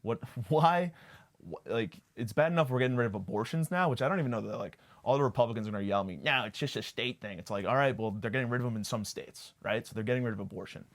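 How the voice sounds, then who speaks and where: A man's voice: medium pitch, animated, fast talker. A young man hosting a podcast, delivering a crude, sarcastic comic monologue full of fillers and tangents. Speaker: podcast host. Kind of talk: comedic monologue.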